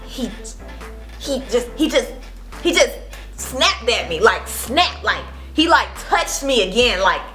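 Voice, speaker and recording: A woman in her twenties, a vlogger telling a casual storytime, animated and acting out what people said. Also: on the high side, slow pace, faint music behind. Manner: animated, acts out quotes with laughs.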